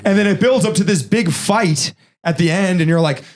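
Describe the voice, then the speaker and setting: A man's voice: sits high, normal speed. A man with a Philadelphia accent, ranting animatedly and profanely in casual comedy podcast chat, laughing often. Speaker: comedian guest.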